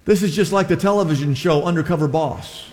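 A man's voice: a little high, fairly quick, darkish tone, long reverb tail. A man preaching a sermon as pastor, retelling a story with voiced quotes and jokes. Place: church.

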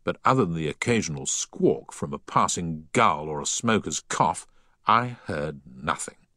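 Man, audiobook narration, deep voice, expressive pitch, dry recording. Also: a little slow, no echo.

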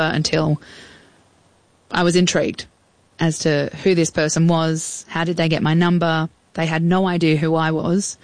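A woman's voice: sits low, little pitch movement, normal speed, darkish tone, no echo. An Australian woman in her thirties recounting a personal story in a candid, chatty way as an interview guest, acting out old phone calls. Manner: candid, chatty, acts out past conversations.

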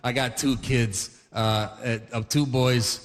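A man's voice: mid-range voice, steady tone, takes it slowly, in a large hall. A man in his forties telling a rambling stand-up story, full of fillers and restarts. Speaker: stand-up comedian. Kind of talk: stand-up comedy routine.

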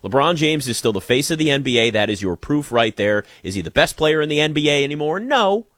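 Male sports talk host, lively swinging delivery, dry close sound, opinionated and chatty. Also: a little high, brisk, dry recording.

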